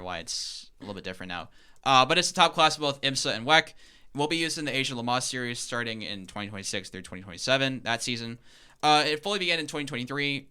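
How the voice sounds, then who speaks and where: A man's voice: medium pitch, sharp tone, smooth. A young man co-hosting a podcast, eagerly explaining in a casual, rambling way with lots of fillers. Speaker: podcast co-host.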